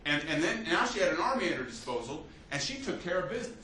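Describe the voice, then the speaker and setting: A man teaching a history class as a lecturer, telling the story with lively restarts and fillers. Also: fairly high pitch, fast talker. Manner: animated storytelling with many restarts. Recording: echoey classroom from a distance, faint hiss.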